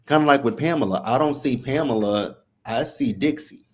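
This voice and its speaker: A man co-hosting a soap opera recap livestream, laid-back and quick to laugh. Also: mid-range voice. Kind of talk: casual livestream chat.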